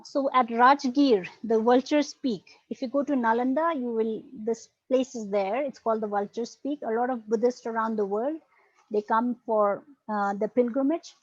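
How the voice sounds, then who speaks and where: Woman teaching slowly over a muffled video call. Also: on the high side, no room sound. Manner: patient, explaining slowly with frequent "right?" and "okay". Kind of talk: online Buddhist philosophy lesson. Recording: dull lo-fi video call audio.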